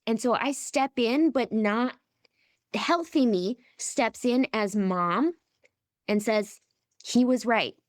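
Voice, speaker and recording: A woman's voice: fairly high pitch, takes it slowly, dry recording, clean studio sound. A woman coach on a podcast, speaking emphatically and often checking in with "right?". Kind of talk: podcast conversation.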